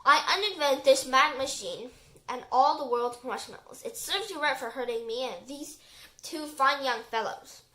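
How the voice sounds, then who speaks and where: A woman voicing a pompous, easily offended male professor in a storybook reading, with loud, drawn-out pronouncements. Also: high-pitched.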